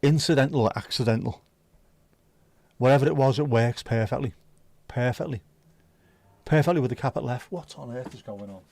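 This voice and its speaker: A man's voice: mid-range voice, normal speed, creaky, a little mellow, no echo. A man hosting a livestream, chatting casually with viewers and teasing them. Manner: joking, teasing, chatty banter. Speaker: livestream host.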